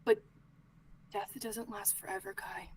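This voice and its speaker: A woman playing Arlo, a grieving young man, talking in halting, pleading bursts that sink to whispers. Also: on the high side, expressive, a little hiss or hum, poor audio.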